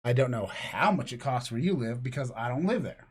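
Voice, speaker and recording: A man's voice: mid-range voice, expressive, brisk, slightly rough. A man co-hosting a podcast, rambling through crude jokes in casual chat. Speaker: podcast co-host.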